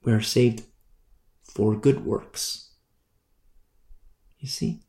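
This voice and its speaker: A man preaching a Bible sermon in a conversational way, repeating and restarting phrases and slowing down to stress key words. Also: on the low side, vocal fry, dark tone, echoey room.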